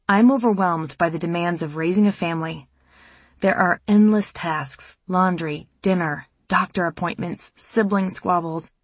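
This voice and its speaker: A mother narrating an audiobook in a measured, reflective reading voice. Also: mid-range voice, husky, no echo.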